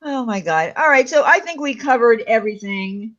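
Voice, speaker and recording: A woman co-hosting a casual live chat show, talkative and quick to laugh, trailing off between thoughts. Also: a little high, lively intonation, a bit bright, lo-fi sound. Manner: chatty, laughs often, trails off. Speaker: livestream co-host.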